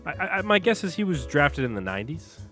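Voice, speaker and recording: A man's voice: a little high, big pitch swings, quick pace, fairly bright tone, faint music behind. Laid-back man co-hosting a sports chat. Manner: jokey, laughs often, self-deprecating. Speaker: podcast co-host.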